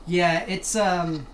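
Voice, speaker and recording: A man's voice: high voice, fairly bright tone, slight background noise. A man streaming a video game, chatting and joking with his viewers in casual commentary. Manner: chatty, joking banter with chat.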